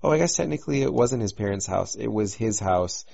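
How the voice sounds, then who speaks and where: A man's voice: fairly low pitch, lively intonation, a little fast, creaky, darkish tone, muffled recording. A man chatting about his tabletop game character, explaining at length with lots of "you know". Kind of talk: casual chat.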